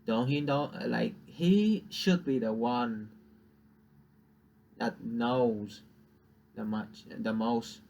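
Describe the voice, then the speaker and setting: Young man, Vietnamese native, casual profane rant, unhurried delivery, middle pitch. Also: vocal fry, a little mellow. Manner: profane, ranting, laughs at own jokes. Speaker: vlogger. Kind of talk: casual venting monologue.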